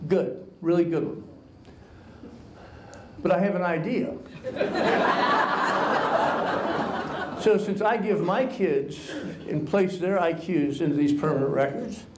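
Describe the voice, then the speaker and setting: A man's voice: high-pitched, unhurried, darkish tone, slight background noise. Man telling wry stories in an echoey hall. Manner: wry, self-mocking anecdotes. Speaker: author and guest speaker. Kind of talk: humorous storytelling talk to an audience. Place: college lecture hall with an audience.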